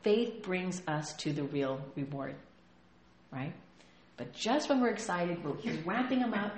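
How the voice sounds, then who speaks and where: A woman pastor preaching a lively sermon, often laughing and acting out the voices she quotes. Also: on the low side, measured pace, reverberant.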